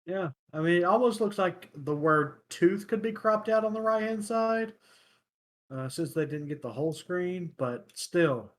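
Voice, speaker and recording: A man hosting a casual podcast, telling stories in a relaxed way with lots of ums. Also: high-pitched, a little slow. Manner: relaxed storyteller, many ums and uhs. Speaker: podcast host. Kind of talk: casual chat, storytelling.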